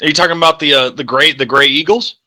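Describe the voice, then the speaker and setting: A man's voice: a little high, fairly even intonation, fast, bright, forceful tone. A young man co-hosting a casual gaming podcast, rambling and swearing, often correcting himself. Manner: rambling, crude, self-correcting. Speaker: co-host. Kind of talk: casual chat.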